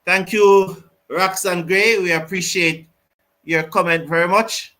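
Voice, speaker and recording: Excitable man with a high voice. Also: a little slow, rough recording. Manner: excitable, reads viewer comments aloud. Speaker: host of a cricket watch-along. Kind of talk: live cricket commentary and chat.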